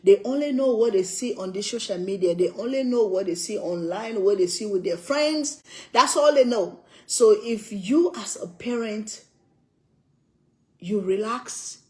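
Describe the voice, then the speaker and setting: An older African woman, a cooking vlogger, chats casually while she eats, speaking emphatically, repeating her points, and laughing often. Her medium-pitched voice is mellow at a normal speed, in a rough recording.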